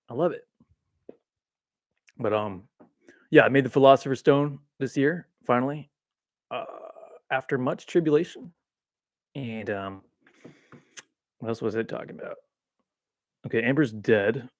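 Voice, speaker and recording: A man's voice: mid-range voice, a little mellow, no echo, clean studio sound. A man hosting a livestream in casual spiritual chat, rambling and self-mocking with frequent laughs, seated in a swivel chair at home. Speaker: livestream host. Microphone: boom-arm mic.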